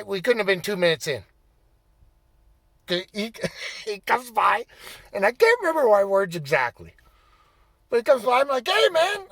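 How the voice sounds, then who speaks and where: A man telling a personal story in a casual, profane way, getting animated and raising his voice as he relives the anger. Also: sits high, creaky, no room sound. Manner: animated, swearing, bursts into shouting when reliving anger. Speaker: storyteller recounting his playing days.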